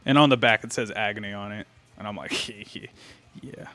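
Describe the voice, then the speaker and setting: A man's voice: fairly low pitch, fairly even intonation, brisk, sharp tone. A young man chatting casually on a live stream, greeting viewers and thinking aloud as he posts online. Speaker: livestreamer. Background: faint metal music.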